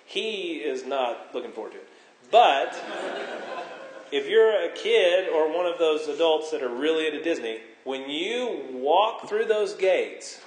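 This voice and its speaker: Middle-aged male pastor, animated sermon, higher voice with wide swings, roomy church sound. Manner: animated, joking, rhetorical questions. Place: church hall. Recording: echoey church hall.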